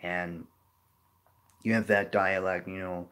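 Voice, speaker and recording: A man with a low, deep voice talks through a geography lesson without a script. His delivery is loose and rambling, and he often falls back on "you know" while he thinks. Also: little pitch movement, unhurried, long pauses, a bit bright. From New Orleans area, Louisiana. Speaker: geography video host. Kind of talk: unscripted explanatory talk.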